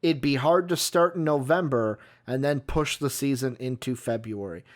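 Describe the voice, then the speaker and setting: A man's voice: mid-range voice, moderate pace. A man hosting a sports talk show, rambling and getting heated as he talks. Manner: heated, rambling, animated when worked up.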